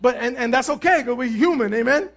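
A male pastor preaching a sermon, telling stories with lively energy, calling out to the congregation and sometimes shouting. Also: very high-pitched, brisk. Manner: animated storytelling, asks the crowd "amen?", bursts of shouting.

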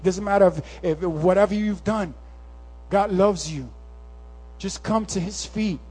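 A man preaching a sermon, swinging from impassioned, near-shouted calls to hushed, conversational storytelling. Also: sits high, unhurried, breathy edge. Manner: impassioned, rising to near-shouts, then softening to a hush; casual, conversational storytelling with slang.

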